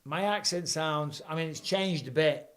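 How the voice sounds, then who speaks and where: A man, hosting a live fight watch-along and calling the action with rising excitement. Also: fairly high pitch, normal speed. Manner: excitable, rising for big moments. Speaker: host. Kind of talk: live fight commentary and chat.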